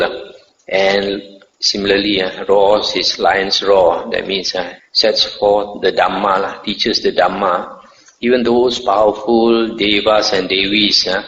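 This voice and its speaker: A man, a Buddhist monk, giving a Dharma lecture: he reads scripture in a measured way, then explains it with many hesitations. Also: low-pitched, fairly bright tone, slight background noise. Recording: echoey hall, muffled lo-fi recording.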